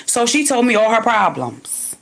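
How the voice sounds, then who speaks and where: A woman's voice: on the high side, big pitch swings, normal speed, vocal fry, fairly bright tone. Lady from wilmington going off on her livestream, swearing a lot, talking right at the viewers. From Wilmington, Delaware. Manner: profane, ranting, addresses viewers directly. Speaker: livestream host. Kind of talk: unscripted livestream monologue.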